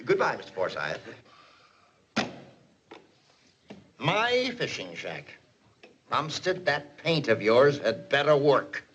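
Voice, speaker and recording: An actor playing an excitable, blustering company boss in a 1940s film comedy, swinging from stern to giddy. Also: male voice, medium pitch, measured pace. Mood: flustered. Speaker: businessman, the boss. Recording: muffled 1940s film soundtrack with hiss.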